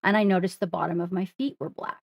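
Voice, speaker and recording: A woman's voice: fairly low pitch, steady tone, fast, vocal fry, no room sound, highs cut off. A woman on a livestream, earnestly sharing her story and speaking straight to the viewers in a casual way.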